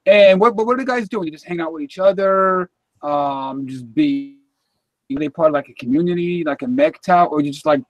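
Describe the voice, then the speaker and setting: High-voiced man ranting in casual chat. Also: normal speed, dry recording. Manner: rambling, acts out both sides of a couple's argument. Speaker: live chat participant.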